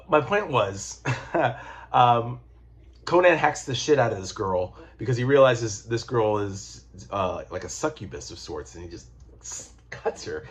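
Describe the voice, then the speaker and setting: A man casually reviewing comic books, rambling and excitable, swearing freely and restarting his sentences. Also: mid-range voice. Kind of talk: casual chat.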